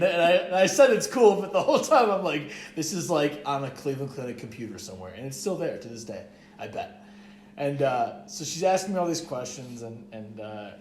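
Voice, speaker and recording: A man's voice: medium pitch, animated, brisk, slight background noise. Young man rambling through a story. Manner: rambling, profane, heavy use of "like". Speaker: podcast co-host. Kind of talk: casual storytelling chat. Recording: echoey room.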